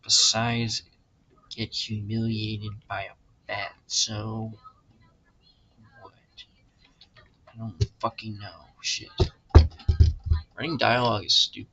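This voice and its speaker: A man's voice: fairly low pitch, level tone, takes it slowly, pauses often, bright, forceful tone. A young man, a college student, thinking aloud while he works, frustrated and cursing as he mutters to himself. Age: young adult. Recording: muffled lo-fi recording with background noise.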